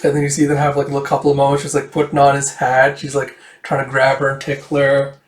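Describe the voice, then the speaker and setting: A man's voice: mid-range voice, monotone, fast, echoey room. A man casually narrating a comic book read-through, rambling with lots of "like" and "it's like". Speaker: comic book reader and reviewer.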